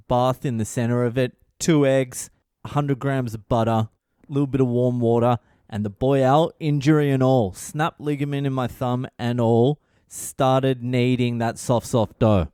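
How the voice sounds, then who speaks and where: A tired man, a comedian, telling a casual, profane story as a podcast host, exasperated and quick with swearing. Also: medium pitch, steady tone, mellow, clean tone, dry recording, studio quality. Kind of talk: casual solo monologue.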